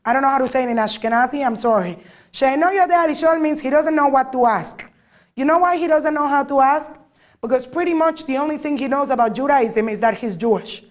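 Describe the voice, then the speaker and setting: Lively high-voiced woman. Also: a little fast. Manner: lively, asks the audience many questions. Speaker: lecturer. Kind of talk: informal talk to a group.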